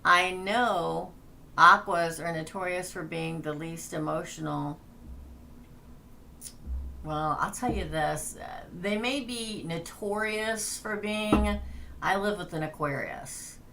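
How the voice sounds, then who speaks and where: A woman's voice: on the low side, takes it slowly, gravelly, pushed and bright, a little hiss or hum. A woman tarot reader hosting a casual livestream, chatting, laughing and reading names off a list.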